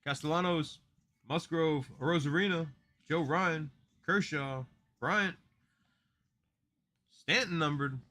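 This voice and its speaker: Man, live card break host, slow unhurried delivery, bright forceful voice, reads out player names. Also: on the high side. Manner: rattles off player names while opening packs. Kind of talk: casual live-stream commentary.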